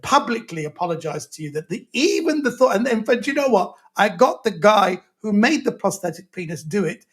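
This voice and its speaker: A male comedian telling a long, self-mocking anecdote as a guest, in a lively, rambling way. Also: sits high, brisk, few pauses.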